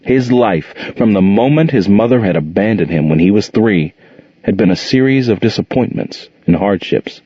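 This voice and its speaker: Male narrator with a husky, low voice for a measured audiobook read, on a dull, dry recording. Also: lively intonation, dark tone, no echo. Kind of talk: scripted narration.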